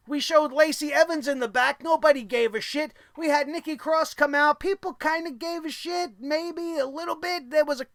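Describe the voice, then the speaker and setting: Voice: high voice, fairly bright tone, no echo, clean studio sound. A vlogger putting on a blunt wrestling boss who barks careless orders in a sarcastic tone.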